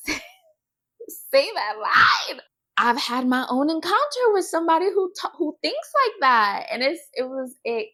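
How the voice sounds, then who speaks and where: A woman with a fairly high voice that swoops up and down as she talks. She takes her time and lingers on words, then hammers each point home with "okay?". She speaks straight to her viewers in a casual, animated chat. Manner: animated, emphatic, keeps adding "okay?"; addresses viewers directly as "y'all". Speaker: host reviewing a TV show.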